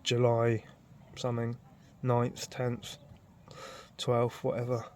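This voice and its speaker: Casual male vlogger by a lake, mid-pitched, swears constantly, rambling and fed up, faint background hiss. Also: monotone, slow pace, mellow. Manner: swearing, rambling, exasperated storytelling. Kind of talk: casual outdoor vlog. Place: outdoors at a lake.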